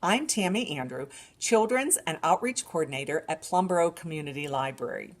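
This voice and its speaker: A woman leading a baby story time as a children's library coordinator. She recites nursery rhymes in a singsong way, moving between soft whispers and bright calls, and patiently guides parents through each step. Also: on the low side.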